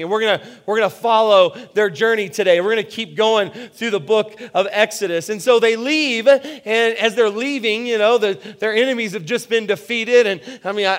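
A man's voice: sits high, fairly bright tone. A man preaching a sermon as pastor, telling stories in a casual, self-deprecating way with frequent restarts. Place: church.

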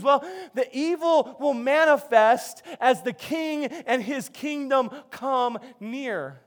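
A man preaching a sermon, telling a story with animated, restart-filled delivery. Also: extremely high pitch, slow pace, hardly any pauses. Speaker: pastor.

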